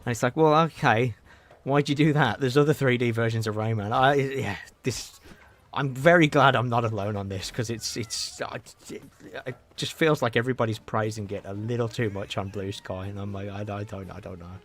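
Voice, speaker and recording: A man's voice: mid-range voice, steady tone, moderate pace. A man chatting casually on a game livestream, rambling and answering his chat. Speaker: game streamer.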